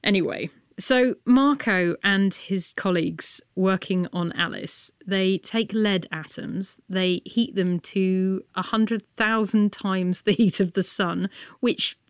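A woman hosting a science radio programme, chatty and playful with quick asides. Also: mid-range voice, clean tone, dry recording, studio quality. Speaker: radio science show host. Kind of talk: lively radio presenting.

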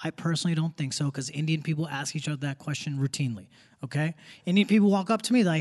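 Audience laughter fills the background as a young man does punchy, casual stand-up live in a theater, chuckling through his set on a stage mic. He talks quickly in a slightly high, a little mellow voice.

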